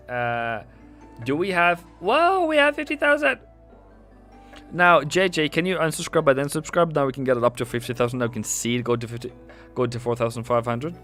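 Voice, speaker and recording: Man, livestream trading host, casual market commentary, talkative, chats with viewers, soft background music. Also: mid-range voice. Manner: chatty, answers own questions, reads and teases chat.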